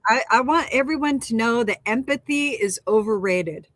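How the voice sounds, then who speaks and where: A fairly high-voiced woman talking in a close, dry sound. She co-hosts a casual spiritual chat, animated and emphatic, laughing often and leaning on repeated phrases and rhetorical questions. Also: normal speed, no room sound. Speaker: co-host.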